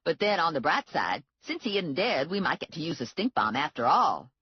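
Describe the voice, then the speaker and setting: A woman voicing a loud, sassy woman sidekick who rambles breathlessly. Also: sits low, very animated, moderate pace, highs cut off, a little hiss or hum.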